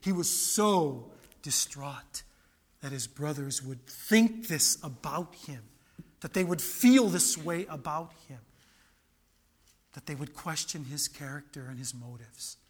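Animated high-voiced man preaching a sermon. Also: slow pace. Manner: animated preaching with sudden loud outbursts and asides to the congregation.

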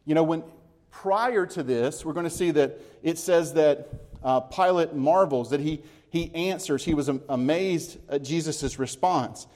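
A man's voice: on the high side, a little slow, darkish tone. A man preaching a sermon in a conversational way, explaining scripture with everyday comparisons and acting out the dialogue. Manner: retells dialogue, acting out the speakers.

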